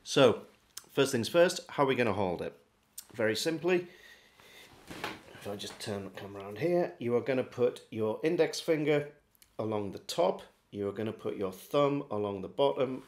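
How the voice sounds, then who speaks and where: A man giving a relaxed, step-by-step beginner harmonica lesson. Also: on the low side. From England. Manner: friendly, relaxed step-by-step demonstrating. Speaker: harmonica teacher. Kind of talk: casual video lesson.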